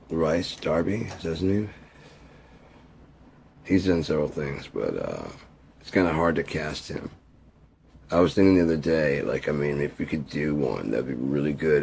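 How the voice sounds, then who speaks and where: Deep gravelly man ranting. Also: darkish tone, slight background noise. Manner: profane, meandering, jokey. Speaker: video creator. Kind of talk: rambling casual rant.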